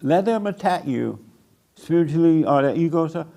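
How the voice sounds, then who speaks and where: An older man preaching a blunt sermon to a small group, mocking people by acting them out in a higher voice. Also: expressive, normal speed, vocal fry, dark tone. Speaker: pastor.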